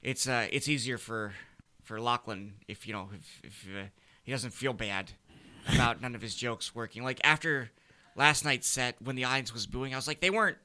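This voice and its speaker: Joking comedian dude, bright voice, mid pitch, playful teasing. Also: male voice, moderate pace. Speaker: comedian guest. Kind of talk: casual podcast chat. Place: studio.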